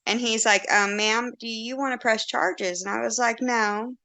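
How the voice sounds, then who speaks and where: A woman's voice: a little high, steady tone, moderate pace, gravelly, sharp tone. A woman in her forties, a podcast guest telling a story in casual chat, blunt and candid, acting out quotes and laughing often.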